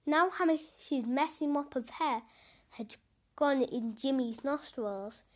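Woman reading a children's story slowly. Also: sits high. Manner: gentle, unhurried reading with small stumbles. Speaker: storyteller and show host. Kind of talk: storybook read-aloud for children.

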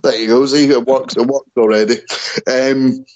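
A man's voice: medium pitch, steady tone, normal speed, a little mellow, highs cut off. A man co-hosting a wrestling chat show in a casual way, often stumbling and restarting over names. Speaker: wrestling podcast co-host.

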